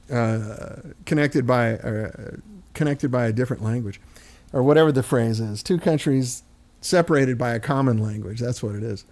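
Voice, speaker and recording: This is a chatty American man from Missouri, talking with a Missouri accent. He hosts a relaxed chat and spins long anecdotes, slipping into other people's voices along the way. His pitch sits at an ordinary middle level for a man. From Missouri, United States. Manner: chatty storyteller, acts out voices. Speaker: host. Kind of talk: casual chat.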